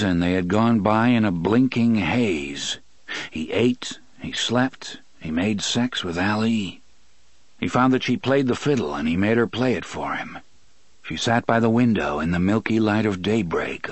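Male narrator, low voice, dry close recording, measured read. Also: no echo. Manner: measured, even storytelling. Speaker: audiobook narrator. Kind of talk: scripted narration.

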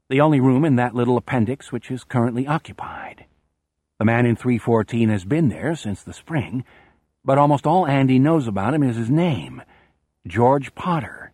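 A man narrating a novel as an audiobook, in a measured storytelling voice with salty phrasing. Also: medium pitch, a little mellow, husky, no room sound. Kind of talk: scripted narration.

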